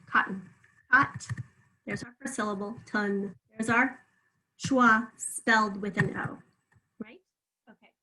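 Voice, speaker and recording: A woman's voice: a little high, sharp tone, poor audio. A woman teaching a spelling lesson, patiently sounding words out syllable by syllable and encouraging the listener.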